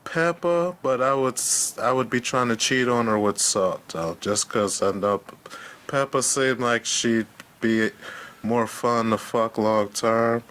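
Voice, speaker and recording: A man's voice: medium pitch, measured pace, a bit bright. A man co-hosting a casual wrestling review podcast, crude and hesitant, often restarting his words. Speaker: podcast co-host.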